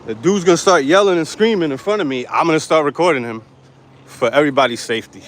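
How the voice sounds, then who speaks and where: This street vlogger walks a downtown sidewalk in the heat, hot and sweaty, holding out his phone for a live-streamed walking vlog and speaking straight to viewers in a fairly high, fast voice. He's brash and defiant and swears freely. A faint traffic hum and outdoor noise run beneath him.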